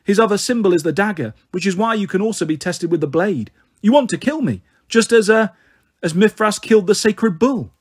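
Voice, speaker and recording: A man voicing a clever, defiant teenage girl with a quick, confident, matter-of-fact delivery. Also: sits high, lively intonation, breathy edge, voice pushed up. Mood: bluffing.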